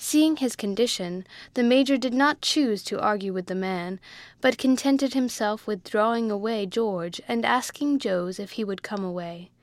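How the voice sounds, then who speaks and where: A woman narrating a classic novel as an audiobook reader, in a measured storytelling way. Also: mid-range voice, no room sound. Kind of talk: scripted narration.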